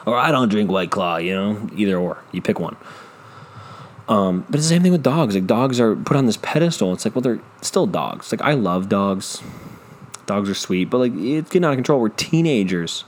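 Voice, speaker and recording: A man with a lowish, slightly mellow voice hosts a podcast on his own, speaking at a moderate, sing-song pace. Into his studio microphone he rants casually, swearing, rambling and putting himself down.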